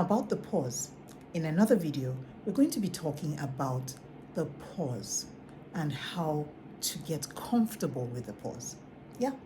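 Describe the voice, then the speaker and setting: A woman coaching on public speaking, guiding listeners in an instructional video with a deliberate delivery. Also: deep voice, background noise.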